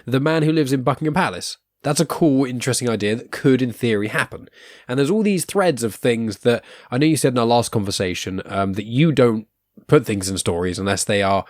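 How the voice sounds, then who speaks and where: A man's voice: mid-range voice, lively intonation, fairly quick, no echo, clean studio sound. A man in his twenties hosting a podcast, chatting casually with frequent restarts and laughs. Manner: rambling, self-interrupting, laughs often. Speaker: podcast host.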